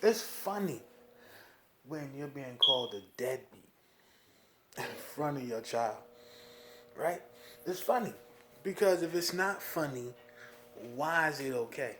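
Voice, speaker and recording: A young man from New Jersey venting about being a father in a casual monologue, animated, with lots of "you know what I mean". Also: a little slow, pauses often, background noise. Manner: animated, swings loud and high when worked up, frequent "you know what I mean". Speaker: vlogger talking about fatherhood.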